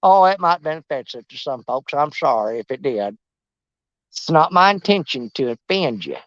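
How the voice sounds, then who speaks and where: A man's voice: on the high side, a bit bright, no echo, highs cut off. Folksy man fishing outdoors. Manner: folksy, joking, rambling. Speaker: fishing vlogger. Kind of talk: casual outdoor fishing commentary. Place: outdoors on a riverbank.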